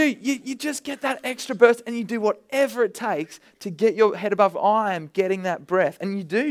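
A man preaching a sermon, conversational with bursts of energy, often repeating words. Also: high-pitched.

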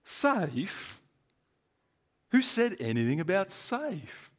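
A man with an Australian accent preaches a sermon conversationally and emphatically, swinging between loud stresses and hushed lines. His mid-range voice is expressive and unhurried.

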